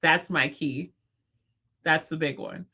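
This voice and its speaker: A woman in her thirties hosting a livestream, chatting casually with viewers, fast-talking and playful. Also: low-pitched, steady tone, pushed and bright, slightly rough. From United States. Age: 30s. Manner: talks fast, chatty and playful, laughs often. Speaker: livestream host. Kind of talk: casual live chat with viewers. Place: at home, in bed.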